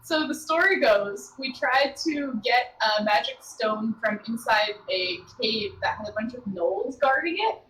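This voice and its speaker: A woman recounts an earlier adventure from a tabletop game in a playful, casual way. Her voice sits a little high. She speaks as one of the players at the table. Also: expressive, measured pace, hardly any pauses, a bit bright, low-quality recording. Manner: storytelling, playful.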